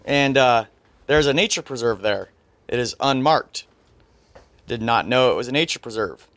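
A man's voice: mid-range voice, animated, moderate pace, fairly bright tone, no room sound. A man telling a story in a casual podcast chat, setting out the details step by step.

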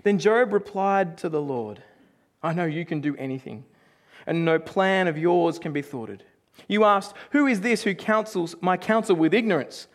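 A young man preaching a sermon, animated, acting out quotes and going soft and slow when he reads scripture. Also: high voice. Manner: animated, acts out quotes with sudden shouts. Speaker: pastor.

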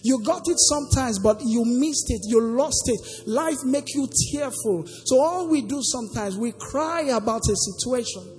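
A woman's voice: on the high side, animated, normal speed, few pauses, darkish tone. A woman preacher delivering a sermon, asking the congregation questions for them to answer and lilting some phrases in a sing-song way. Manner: call-and-response questions to the congregation. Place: church hall. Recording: long hall reverb with faint music.

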